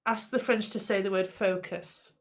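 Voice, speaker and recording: A woman's voice: mid-range voice, steady tone, moderate pace. A woman co-hosting a casual podcast chat, teasing and laughing often. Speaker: podcast co-host.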